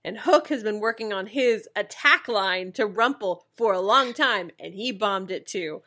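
A woman's voice: mid-range voice, a little slow, sharp tone. A woman co-hosting a casual podcast, recapping a TV episode in a chatty way, often restarting her sentences and laughing as she talks. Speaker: podcast co-host.

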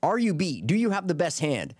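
A man with a slightly raised pitch tells a story in an animated, casual way. He curses freely. The mic sounds close and dry, with no room echo. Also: brisk, breathy edge. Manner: animated, swears freely, acts out quotes. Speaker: podcast co-host telling a poker story.

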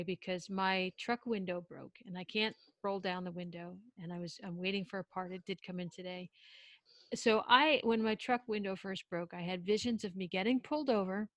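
A woman's voice: fairly low pitch, moderate pace, no echo. A woman telling a personal story in casual chat, acting out quoted lines and often breaking off and restarting. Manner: animated, acts out quotes, self-interrupting.

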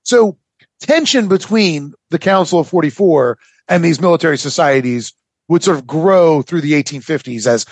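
High, lively, husky-voiced man telling history. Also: no room sound. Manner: halting, full of fillers and restarts. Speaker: podcast host telling a history story. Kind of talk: casual storytelling chat.

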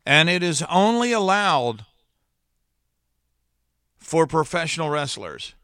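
A middle-aged man hosting a solo podcast in a trained broadcaster's voice, speaking earnestly and with long dramatic pauses. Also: a little high, sing-song, sharp tone, smooth, no echo, clean studio sound. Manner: slow deliberate delivery with dramatic pauses; earnest, heartfelt. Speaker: podcast host.

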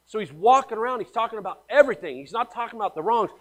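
A male pastor preaching with animated storytelling, dropping to hushed asides and then rising loud for emphasis. His talk is blunt and slangy, full of casual address to the congregation, carried on a somewhat high voice. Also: very fast. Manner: blunt, slangy, calls listeners man and guys. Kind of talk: sermon.

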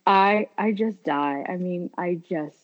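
Lower-pitched woman, chatty and gushing, muffled lo-fi recording. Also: slow. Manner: enthusiastic, stammering restarts. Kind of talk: casual film chat.

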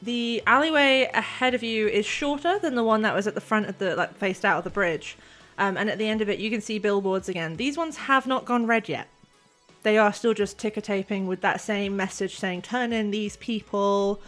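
A woman's voice: medium pitch, fairly quick, fairly bright tone, faint music behind. Woman running a tabletop game. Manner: chatty, laughs often while narrating. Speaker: game master.

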